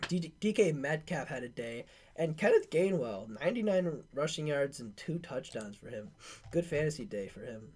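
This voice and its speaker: A man's voice: on the high side, lively intonation, normal speed, darkish tone, slight background noise. A man hosting a casual sports podcast, rattling off game stats with slangy filler words and loose asides. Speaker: podcast host.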